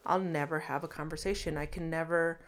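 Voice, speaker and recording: A woman's voice: sits low, steady tone, brisk. A woman frankly telling her own life story in a casual interview, with many fillers. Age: adult. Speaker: guest. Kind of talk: candid personal storytelling.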